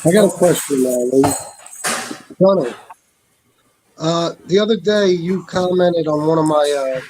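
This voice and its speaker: A man hosting an interview, asking his guest questions in a halting, curious way. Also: on the high side, darkish tone, poor audio. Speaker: host.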